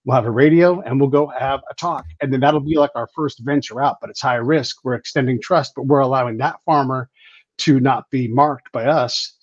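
Husky ex-Army intel man, animated storyteller, dry lo-fi podcast mic. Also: medium pitch, normal speed, no room sound. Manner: animated anecdotes full of restarts and fillers. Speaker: guest, former Army counterintelligence specialist.

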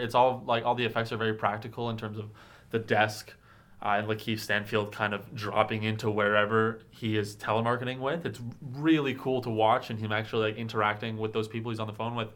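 A man's voice: mid-range voice, little pitch movement, quick pace, fairly bright tone. A man chatting casually as a podcast guest about films, rambling with many fillers. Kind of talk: casual film chat.

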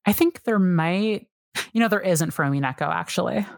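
A woman's voice: lowish voice, animated, moderate pace, creaky, dry recording, clean studio sound. A woman guest on a podcast, talking casually and eagerly, rambling with many fillers and restarts. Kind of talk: casual chat.

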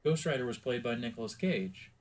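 Brief: chatty man co-hosting a podcast, laughs a lot, lively pitch. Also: a little fast. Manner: laughs easily, rambling and chatty. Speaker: podcast co-host. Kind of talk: casual podcast chat.

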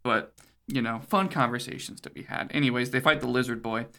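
A man with a bright, forceful voice chats casually as a podcast co-host, walking through a game's cutscenes. He rambles, swears freely and laughs along the way. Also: mid-range voice, steady tone, fairly quick. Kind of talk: casual chat recapping a video game.

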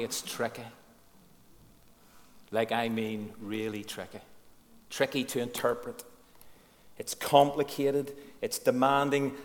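A man delivers a sermon in a church hall, where his voice trails off in a long echo. His pitch sits in the middle for a man. He talks with earnest frankness, poses questions to his listeners and stresses the words that matter. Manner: earnest, frank, asks the congregation questions and pauses on key words. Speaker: preacher.

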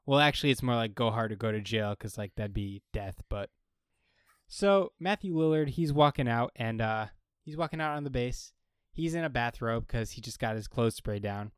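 An animated man retelling a TV episode in a casual chat, acting out the characters' lines. His voice is smooth and resonant, and the recording is dry and close. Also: medium pitch, no room sound. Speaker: podcast co-host.

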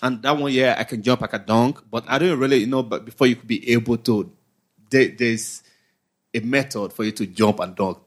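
A man's voice: medium pitch, fairly quick. A man hosting a podcast, chatting casually with his guest in an easygoing way and laughing often. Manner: easygoing, laughs often, loose phrasing full of fillers. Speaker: podcast host. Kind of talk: casual interview chat.

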